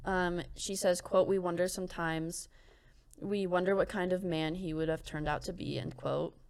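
A young woman co-hosting a casual true-crime podcast, reading quotes aloud with soft laughs and many fillers. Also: on the low side, steady tone, normal speed. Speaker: podcast co-host.

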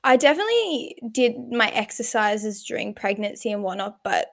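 A woman's voice: mid-range voice, very animated, moderate pace, a bit bright. A woman, co-hosting a podcast and telling stories in a chatty way with frequent laughs. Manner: chatty storyteller, laughs often. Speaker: podcast co-host. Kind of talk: casual chat.

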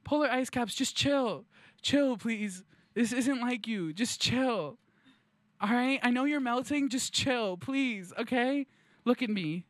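A man's voice: very high voice, slow, no echo, pitched above the performer's own voice. A man playing a smug male empath in a comedy sketch, talking in a soothing, pleading, self-congratulating way.

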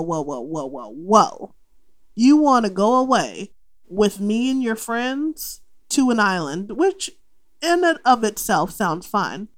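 A young adult woman hosting a casual movie podcast, talking in an animated, profane way and acting out the characters' lines. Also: a little high. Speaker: podcast host.

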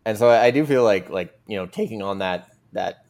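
A man talking as a podcast guest, his low voice carrying a gravelly edge. He rambles through his points with plenty of fillers, earnest and conversational. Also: normal speed, a little mellow. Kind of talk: casual conversational argument.

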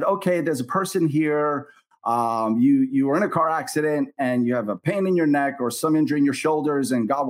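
A middle-aged man, a minister as interview guest, telling his story in an earnest, animated way and acting out the voices of people in it. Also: mid-range voice.

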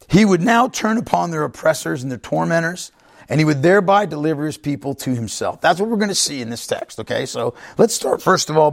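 A man's voice: fairly high pitch, vocal fry. A man pastor preaching an emphatic sermon, often checking in with the congregation. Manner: emphatic, repeats himself, asks the congregation "right?".

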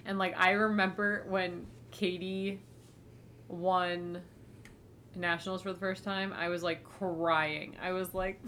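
A young woman talks in loose, animated podcast banter, her voice sitting a little low for a woman. She leans on "like" and drops casual swears as she tells family stories. A faint rumble hums under the recording. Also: moderate pace. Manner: chatty, animated storytelling with frequent "like" and swearing. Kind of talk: casual chat.

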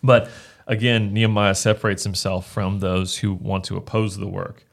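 Low-voiced pastor discussing scripture. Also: male voice, level tone, moderate pace, gravelly. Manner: earnest, reads verses aloud, frequent restarts. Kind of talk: casual Bible discussion.

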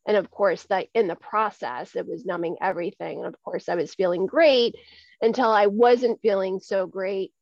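A woman's voice: mid-range voice, normal speed, creaky, darkish tone, no room sound. Candid woman guest on dull lo-fi audio. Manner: earnest, repeats words as she thinks. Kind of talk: candid conversational interview. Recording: dull lo-fi recording.

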